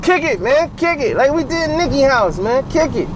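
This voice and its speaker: A man's voice: very high-pitched, sing-song, moderate pace, slight background noise, low-quality recording. A man voicing a rowdy, pushy sports fan who keeps repeating "man". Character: rowdy male sports fans, pushy gang.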